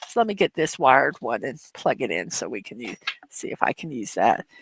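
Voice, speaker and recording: A woman's voice: a bass voice, big pitch swings, moderate pace, slight background noise. A middle-aged woman hosting a casual livestream chat, telling rambling stories full of fillers and laughs from her computer desk at home. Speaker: livestream host.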